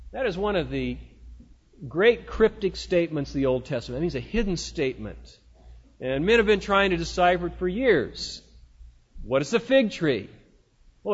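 A man preaching a sermon as pastor, in a folksy, conversational way with rhetorical asides to the congregation. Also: high-pitched. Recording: dull lo-fi sound in a reverberant hall.

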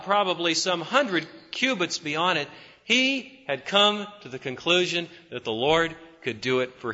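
A man preaching with fervent conviction, his high, bright voice swinging from emphatic peaks down to hushed, low passages. The sound is muffled and carries the long echo of a church hall. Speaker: pastor. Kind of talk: sermon.

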